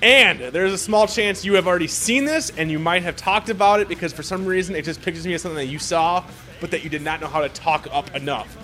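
A man in casual chat, excitedly and profanely rambling through a movie recap. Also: high voice, quick pace.

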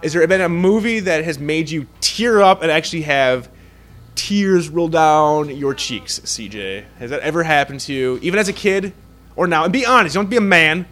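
A man's voice: a little high, expressive, moderate pace, fairly bright tone. A young man co-hosting a podcast in casual chat, rambling and swearing constantly. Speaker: podcast co-host.

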